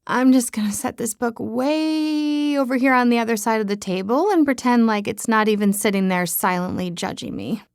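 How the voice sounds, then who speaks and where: Woman reading a romance audiobook, flustered and chatty, kinda high, dry close mic. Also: moderate pace, hardly any pauses, no echo. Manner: chatty, self-mocking, flustered. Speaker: audiobook narrator. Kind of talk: first-person audiobook narration.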